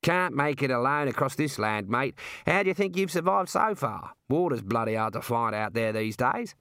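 A man's voice: mid-range voice, lively intonation, normal speed, sharp tone, dry recording, clean studio sound. A man voicing a wily, chummy male talking kangaroo, coaxing and knowing in manner.

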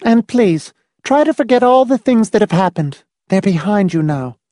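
A cool, controlling schoolteacher type, as a woman reads her, speaking with dry, dispassionate calm. The voice is mellow and dark, yet the pitch moves in lively curves. The recording is close and dry. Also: normal speed, no echo, natural voice. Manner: dry, dispassionate, calmly insistent. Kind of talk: audiobook dialogue reading.

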